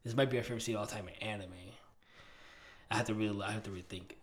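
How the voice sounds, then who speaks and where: A man's voice: on the low side, very fast. A man co-hosting a podcast, chatting casually and acting out favorite scenes with lots of energy. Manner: animated storyteller, acts out scenes. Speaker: podcast co-host. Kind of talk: casual chat.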